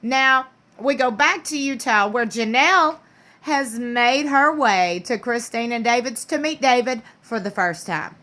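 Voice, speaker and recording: A woman's voice: a little high, animated, measured pace, bright, forceful tone. A woman, casually recapping a reality show in a sassy, gossipy way full of slang and playful impressions.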